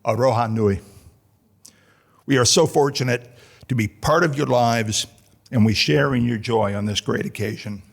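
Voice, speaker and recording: A middle-aged American man with a New Jersey background stands at a lectern in a lecture hall to introduce a colleague. His delivery is dry and wry, full of self-deprecating jokes, and his voice sits at an ordinary male pitch. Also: moderate pace, gravelly, pauses often. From United States, New Jersey. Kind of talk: humorous speech at a formal lecture.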